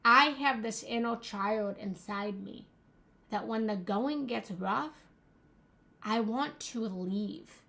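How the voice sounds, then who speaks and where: A young woman speaks as a relationship coach, earnest and emphatic, often circling back to repeat a phrase. Her voice sits fairly high. She takes her time, with slow, unhurried phrasing that lets each line land. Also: vocal fry, bright, forceful tone. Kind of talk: motivational talk to an audience.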